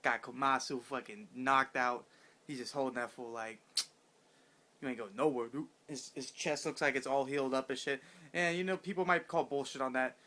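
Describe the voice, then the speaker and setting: A man giving a casual, rambling chapter review, excited and full of profanity and slang. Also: mid-range voice, brisk.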